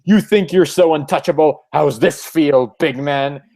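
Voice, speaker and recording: A man's voice: on the high side, measured pace, warm tone. A man voicing a sneering male ghost villain who accuses the rich. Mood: scornful. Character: scornful male anti-corporate ghost villain.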